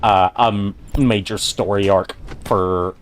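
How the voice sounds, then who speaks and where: A man's voice: on the low side, fairly even intonation. A man hosting a game stream, chatting casually with friends, rambling and swearing as he talks. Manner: rambling, profane, talks through pauses. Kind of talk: casual chat over gameplay.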